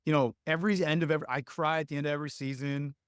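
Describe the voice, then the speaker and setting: A man's voice: a little high, steady tone, rapid-fire, clean tone, dry recording, studio quality. A young adult man telling coaching stories in casual podcast talk, earnest and rambling with many fillers. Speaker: lacrosse coach, podcast guest.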